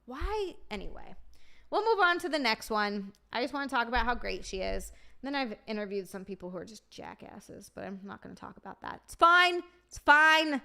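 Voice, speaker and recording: A woman's voice: mid-range voice, animated, brisk, gravelly, fairly bright tone. A young woman streamer chatting casually, swearing freely and answering her live chat.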